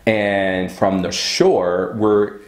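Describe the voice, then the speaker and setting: Man, low-pitched, casual storytime vlog, profane, dramatic, echoey room. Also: drawn-out words. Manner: profane, animated and dramatic, acting out quotes. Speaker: vlogger telling a personal story. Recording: roomy echo.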